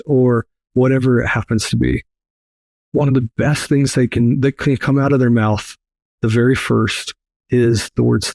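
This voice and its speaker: A man's voice: mid-range voice, fairly even intonation, a little slow, a little mellow, no echo. A man speaking as a podcast guest, earnest and emphatic, repeating key phrases. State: briefly emotional. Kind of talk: earnest interview talk.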